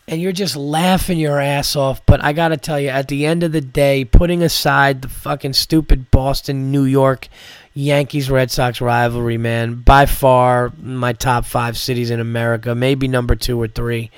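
A man's voice: mid-range voice, level tone, normal speed, clear, resonant tone, no echo. A man, a comedian hosting a podcast, telling a rambling story full of swearing and "like" fillers. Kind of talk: casual storytelling.

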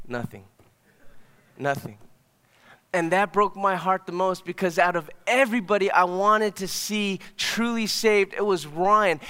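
A young man, a pastor, telling a personal story in a sermon, swinging from hushed to excited. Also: sits high, smooth, in a large hall. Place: church hall.

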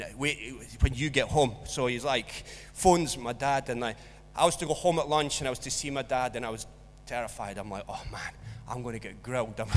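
A man preaching a sermon, telling a school story with acted-out voices. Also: mid-range voice. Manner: storytelling, animated, acts out voices in anecdotes. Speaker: pastor. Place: church hall. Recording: long church hall reverb.

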